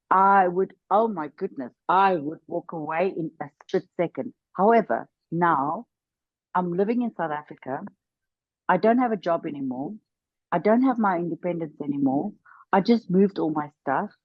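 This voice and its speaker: A woman's voice: on the low side, no echo, dull audio. A woman, a guest on an interview show, earnestly recounting her own experience and repeating words for emphasis. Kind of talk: personal testimony in conversation.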